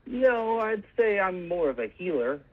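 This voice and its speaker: Male caller, calm and deadpan, phone-line sound. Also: sits high, a little slow. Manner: calm, deadpan, matter-of-fact about absurd claims. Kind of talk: deadpan comedic call-in bit.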